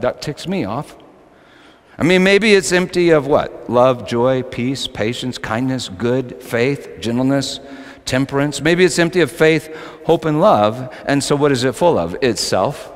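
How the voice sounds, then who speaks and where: A male pastor preaching a sermon, swinging between loud, emphatic lines and quiet, low asides. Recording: long hall reverb.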